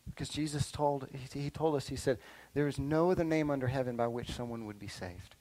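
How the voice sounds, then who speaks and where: A middle-aged male pastor preaching a sermon to young listeners, animated and checking in often with "right?" and "okay?". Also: mid-range voice, brisk, rough recording. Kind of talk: sermon to children and youth.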